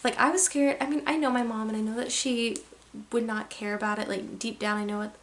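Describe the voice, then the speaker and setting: A young woman with a slightly high voice recounts a story for her vlog. She talks casually and animatedly, peppering every sentence with "like" and leaning into the drama. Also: steady tone, brisk, fairly bright tone, a little hiss or hum. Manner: chatty, heavy use of "like". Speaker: vlogger.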